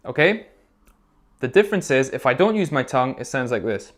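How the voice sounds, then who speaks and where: A man's voice: medium pitch, big pitch swings, brisk, music in the background. Encouraging man teaching recorder to children. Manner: encouraging, checks in with frequent "okay?"; patient, step-by-step instruction. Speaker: music teacher. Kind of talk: recorder lesson video for children.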